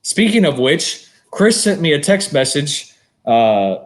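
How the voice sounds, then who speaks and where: Guy on a podcast rambling through a story, cusses a lot, animated, totally casual. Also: fairly high pitch, takes it slowly. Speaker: podcast co-host. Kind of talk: casual chat.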